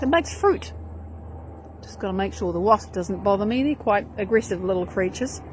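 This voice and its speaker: Bright-voiced woman chatting through her garden. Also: a little high. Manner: chatty, rambling and enthusiastic. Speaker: live-stream host. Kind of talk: casual garden tour on a live stream. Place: outdoors in her front garden.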